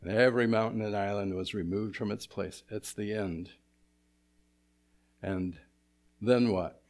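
A man preaching an expository sermon as pastor, asking his congregation rhetorical questions and moving between emphatic and hushed delivery. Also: lowish voice, fairly even intonation, a little slow.

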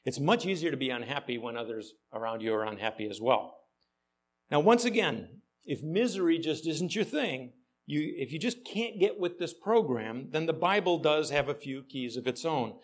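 A man's voice: a little high, animated, normal speed, a little hiss or hum. A male pastor preaching a sermon with dry, ironic humor, often questioning the congregation.

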